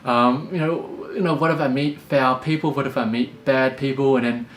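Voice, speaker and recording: A young Australian man calmly telling a personal story, full of fillers and restarts. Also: mid-range voice, moderate pace, a little hiss or hum. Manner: calm, many fillers and restarts. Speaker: podcast host. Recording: echoey room with faint music.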